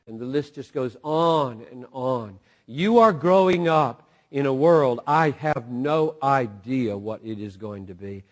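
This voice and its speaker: Middle-aged male pastor, deliberate sermon delivery with loud bursts and hushed drops. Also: mid-range voice. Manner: dynamic preaching, swinging from loud peaks to hushed drops.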